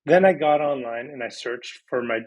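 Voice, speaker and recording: A man in his thirties, a podcast guest on a video call, telling his story in a lively, casual way and acting out past conversations. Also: mid-range voice, moderate pace, lo-fi sound.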